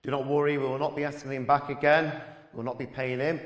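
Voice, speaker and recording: A man's voice: medium pitch, flat delivery, fast talker. A man compering on stage, closing an act with dry, apologetic put-downs. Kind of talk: stage announcement. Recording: echoey room with long reverb.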